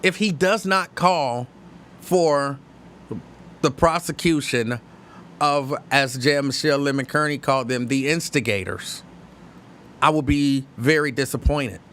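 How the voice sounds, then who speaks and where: A man from hosting a live-stream show, chatting casually and reading viewer comments, opinionated and halting, with many restarts. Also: mid-range voice, fairly bright tone, slight background noise. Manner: conversational, opinionated, halting with frequent restarts and fillers.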